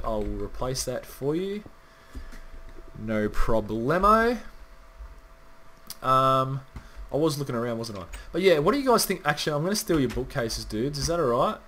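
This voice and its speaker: Here a man with a mid-range voice, over a little background noise, hosts a gaming channel. His commentary on the game is loose and rambling, sprinkled with the odd swear word and addressed straight to the audience watching.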